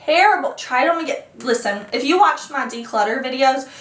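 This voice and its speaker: A woman's voice: high voice, animated, fairly quick, a bit bright, echoey room, recorded from a distance. A woman vlogging about makeup, chatting animatedly and playing out her own reactions. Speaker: beauty vlogger. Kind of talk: casual makeup review. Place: makeup room at home.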